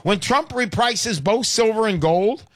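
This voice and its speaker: A male radio show host giving an emphatic, repetitive, hard-selling pitch between calls. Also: expressive, measured pace, no echo, clean studio sound. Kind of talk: talk radio sales pitch.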